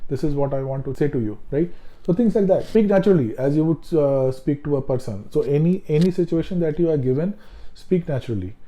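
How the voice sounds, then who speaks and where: A man's voice: fairly high pitch, mellow, rough recording. A man giving casual, conversational test-preparation advice, repeating himself and using many filler words. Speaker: test-prep tutor. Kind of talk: casual instructional talk.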